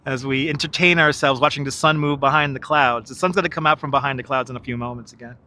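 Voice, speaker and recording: Bright-voiced jokey man live-streaming outdoors. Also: mid-range voice, steady tone, fast talker. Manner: jokey, laughs a lot, chats to viewers. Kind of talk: live-stream walking commentary. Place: outdoors in Manhattan by the river. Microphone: wireless clip-on mic.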